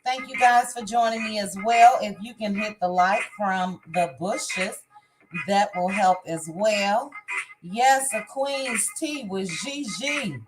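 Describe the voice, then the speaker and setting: A woman's voice: mid-range voice, slow pace, low-quality recording. A woman hosting a casual livestream, reading viewer comments and greeting each viewer by name. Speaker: livestream host. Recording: music playing behind the voice.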